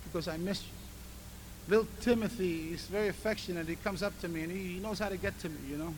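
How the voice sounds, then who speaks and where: High-voiced man preaching with fervor. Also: fast, a little hiss or hum. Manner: impassioned preaching, swinging between hushed and shouted. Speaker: pastor. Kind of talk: sermon.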